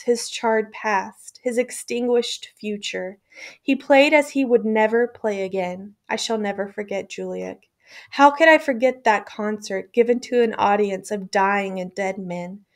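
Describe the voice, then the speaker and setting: A woman reading a memoir aloud in a measured, somber way. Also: mid-range voice. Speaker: audiobook reader.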